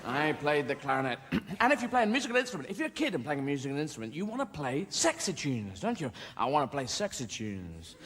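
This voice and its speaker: A man's voice: on the high side, big pitch swings, fast, fairly bright tone, a little hiss or hum. A man with a British accent doing rambling, playful stand-up comedy on a theater stage, swearing freely. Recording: live theater recording, echoing hall. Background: audience laughter.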